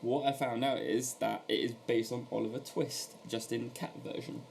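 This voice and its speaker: A man's voice: mid-range voice, moderate pace, creaky, slight background noise. A young man with a London accent, chatting and joking as a podcast co-host. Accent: London English. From London, England. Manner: joking, animated, swears freely. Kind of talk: casual chat.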